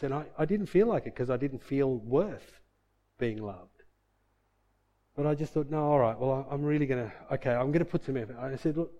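A man's voice: mid-range voice, lively intonation, normal speed, dark tone. A middle-aged man sharing a personal faith testimony in an earnest, emotional way, with many fillers and reenacted quotes.

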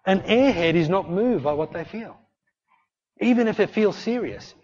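A man preaching a sermon in a conversational, animated way, acting out little voices in his stories. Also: sits high, normal speed. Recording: dull lo-fi recording.

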